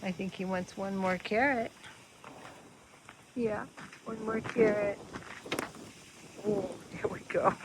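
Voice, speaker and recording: A woman filming a casual farm vlog outdoors, gently cooing praise at her horses as she feeds them. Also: mid-range voice, fairly even intonation, takes it slowly, pauses often. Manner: soft, cooing talk to the horses. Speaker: farm vlogger. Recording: windy outdoor noise.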